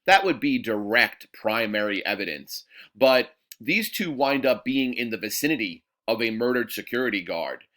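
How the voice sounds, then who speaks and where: A man's voice: lowish voice, bright, forceful tone. A male history teacher giving a casual, digressive recorded lesson to his class.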